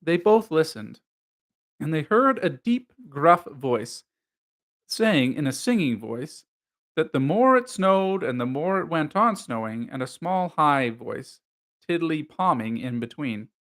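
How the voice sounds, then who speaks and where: A man reading a children's storybook aloud in a gentle narration. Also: a little high, very animated, slow pace. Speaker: reader.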